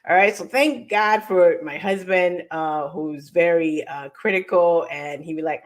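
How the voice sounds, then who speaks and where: A woman's voice: on the low side, moderate pace, few pauses. Female host from New York, upbeat and self-deprecating, loose chatty delivery. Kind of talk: casual live show chat.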